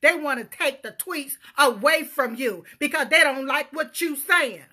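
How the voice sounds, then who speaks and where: A woman giving a loud, emphatic political rant to her viewers, calling out to them often. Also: sits high, measured pace. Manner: loud, emphatic, calls out to viewers, punctuates with "huh?". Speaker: political vlogger.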